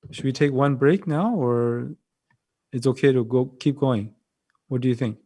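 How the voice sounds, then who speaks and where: A man with a Korean accent, a Buddhist monk giving a dharma talk over a video call, gentle and halting, often repeating his phrases. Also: mid-range voice.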